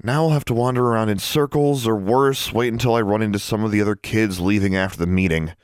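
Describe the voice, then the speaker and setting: A man's voice: on the low side, fast talker, smooth, dry recording, studio quality, natural voice. A man voicing an exasperated teenage girl witch who mutters to herself in a self-mocking way. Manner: muttering to herself, half-annoyed.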